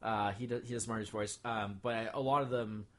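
A man's voice: lowish voice, steady tone, moderate pace, a bit bright. A man co-hosting a casual podcast chat, rambling with many fillers and restarts. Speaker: podcast co-host.

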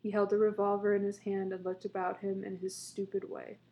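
Gravelly woman reading a story. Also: medium pitch. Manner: steady, measured storytelling. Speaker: narrator. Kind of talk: reading a short story aloud.

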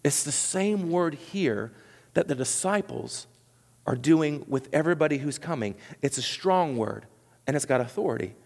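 A man preaching a sermon to his congregation, animated and conversational, acting out what people said, with many restarts. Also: on the high side, moderate pace, creaky, long reverb tail. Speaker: pastor.

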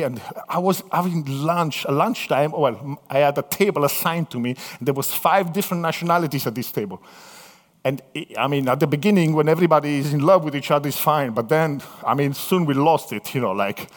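A man from southern Italy with an Italian accent, preaching a sermon through lively personal stories, acting out the voices in them. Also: high-pitched. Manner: animated storytelling, acts out voices in quotes. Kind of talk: anecdotal sermon. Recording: long hall reverb.

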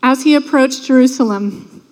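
High-voiced woman preaching in a reverberant hall. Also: normal speed, a little mellow. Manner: earnest, conversational preaching with acted-out crowd quotes. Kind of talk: sermon. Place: church sanctuary.

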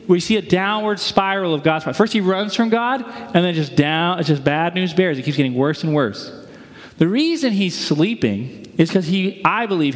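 High-voiced man preaching in a hall. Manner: casual, conversational preaching with slang and rhetorical questions. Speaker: pastor. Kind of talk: sermon. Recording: long hall reverb.

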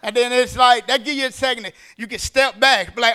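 A man's voice: very high-pitched, sharp tone, clear, resonant tone. A man preaching a sermon in an emphatic, conversational way. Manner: emphatic and conversational, acting out quick dialogue.

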